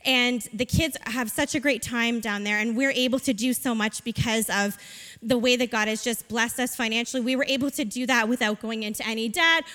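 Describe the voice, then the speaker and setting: A woman with a high, bright voice speaks at church about her work with children. She tells her story earnestly, leaning on ums and likes. Her voice rings with a long hall reverb. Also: brisk. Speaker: children's ministry leader. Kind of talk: church testimony talk.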